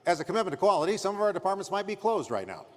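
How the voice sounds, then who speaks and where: On a conference stage, a man delivers a motivational keynote in a high, sing-song voice at a racing pace. His emphatic, punchy delivery includes acted-out customer scenes, and the recording has a long reverb tail with a little hiss or hum.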